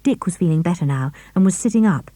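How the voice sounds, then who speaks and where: Animated woman storyteller, mellow voice. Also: fairly low pitch, fast talker, no room sound. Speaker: audiobook reader. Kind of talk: storytelling narration.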